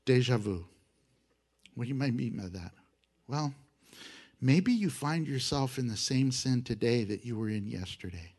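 Animated, laughing male Bible teacher. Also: medium pitch, moderate pace, pauses often. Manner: animated, laughs often, acts out quoted apologies.

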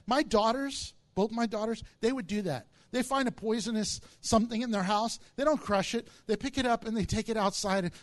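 A male pastor delivers a sermon in a strikingly high voice. He keeps it lively and jokey, telling stories and acting out other people's lines. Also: moderate pace. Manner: animated storytelling with jokes and acted-out quotes.

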